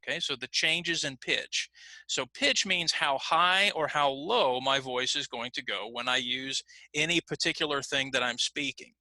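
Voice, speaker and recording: A man teaching an online pronunciation class, patient and repetitive, slowly modeling phrases for learners to repeat. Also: mid-range voice, pushed and bright, no echo. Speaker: ESL teacher.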